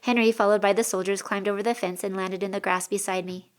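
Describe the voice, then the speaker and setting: A woman reading a first-person story as an audiobook narrator, steady and clear. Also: mid-range voice, fast.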